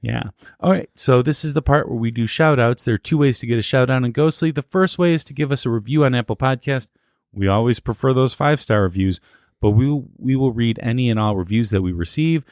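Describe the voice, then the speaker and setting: A man's voice: medium pitch, a little fast, a little mellow, no echo, clean studio sound. A man hosting a podcast, chatting casually, teasing his co-host and reading out the show's announcements. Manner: teasing, joking. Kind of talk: casual chat and show announcements.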